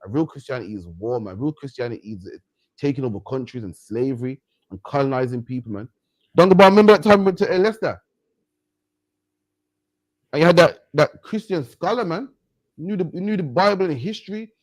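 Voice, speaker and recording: A man's voice: fairly high pitch, animated, a little fast, no echo. A man preaching in an emphatic rant on a livestream, ending his lines with "man". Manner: emphatic, repeats "man" at line ends. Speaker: street preacher and host.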